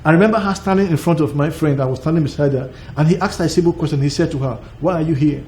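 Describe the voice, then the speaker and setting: High-voiced man preaching with emphatic repetition. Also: rapid-fire, a little mellow, slight background noise. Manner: emphatic and repetitive, building phrases with short laughs. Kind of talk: broadcast sermon.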